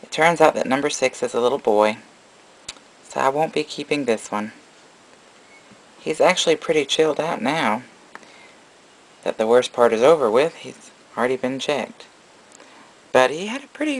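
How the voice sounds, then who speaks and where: A man breeding snakes, chatting casually through a video update and gently cooing at the baby snakes. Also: medium pitch, big pitch swings, moderate pace, creaky, pauses often, rough recording.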